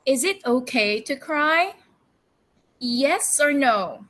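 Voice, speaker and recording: A woman English teacher leading a storytelling lesson for children, coaxing them with cheerful questions and slow call-and-response word drills. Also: high-pitched, lively intonation, fairly bright tone, low-quality recording.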